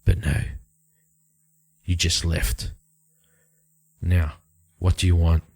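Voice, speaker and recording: A man's voice: low-pitched, little pitch movement, takes it slowly, gravelly, a little mellow, breathy edge, heavily acted. Man doing a curt, guarded shadowy vigilante.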